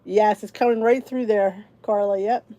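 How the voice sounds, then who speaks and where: A woman's voice: mid-range voice, steady tone, moderate pace, dark tone, highs cut off. A middle-aged woman from New Jersey hosting a casual livestream, chatting with viewers by name and laughing often. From New Jersey, USA. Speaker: channel host.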